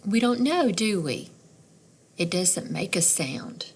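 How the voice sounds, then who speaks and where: A woman teacher reading a picture book aloud to young children, slow and expressive, pausing to imitate bird calls and ask questions. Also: on the low side, vocal fry, slightly rough.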